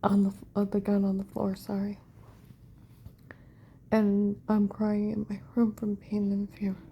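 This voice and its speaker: A woman telling a personal account in a rambling monologue, often dropping to a hushed whisper, with fragmented, repetitive phrasing. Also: mid-range voice, monotone, unhurried, breathy edge, muffled recording.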